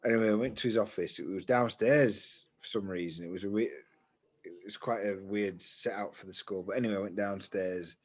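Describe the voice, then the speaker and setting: A man, co-hosting a casual podcast chat and telling stories in an animated way, laughing easily. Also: on the low side, a little fast. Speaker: podcast co-host.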